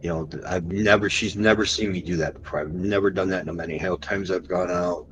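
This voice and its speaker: Low-voiced man telling a tense story. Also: background noise. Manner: animated storyteller, slows down for tense moments. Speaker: podcast guest. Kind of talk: recounting an encounter story.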